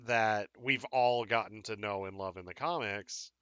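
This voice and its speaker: Recorded with dull audio and no room sound, this man co-hosts a live fan talk show in a fairly low, slightly slow, smooth voice with a bit of brightness. He rambles through the casual live-stream chat, restarting often and leaning on fillers.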